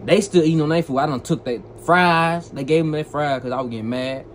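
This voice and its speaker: A young man telling a personal story in a casual, animated way, full of slang and repeated phrases. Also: fairly high pitch, a little fast, a little hiss or hum, rough recording.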